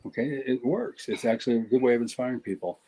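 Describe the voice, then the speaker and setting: Speaking quickly in a warm, mid-range voice, a middle-aged man chats as a guest on a casual podcast. He's blunt and fond of jokes, regularly abandoning sentences to restart them, and the recording is low quality.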